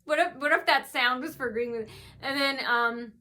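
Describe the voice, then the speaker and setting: A woman's voice: sits high, moderate pace, bright, forceful tone. A woman vlogger telling a story in a casual, rambling monologue, full of ums and restarts, recorded indoors at home.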